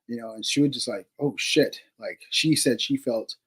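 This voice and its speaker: A man's voice: medium pitch, brisk, fairly bright tone, slightly rough, low-quality recording. A man, a paranormal investigator, telling a story casually, with many fillers, casual swearing and laughs between remarks.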